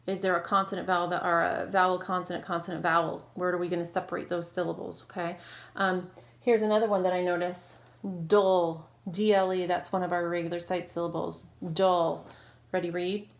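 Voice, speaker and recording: A woman's voice: fairly low pitch, gravelly. Encouraging woman teacher leading a reading drill. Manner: encouraging, prompting and praising. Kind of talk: recorded reading lesson for children.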